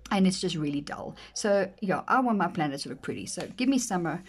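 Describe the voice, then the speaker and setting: Gushing woman, low-pitched. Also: expressive, fairly quick, breathy edge. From South Africa. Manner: gushing, enthusiastic, drops to soft near-whispers. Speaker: planner vlogger. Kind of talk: casual flip-through commentary.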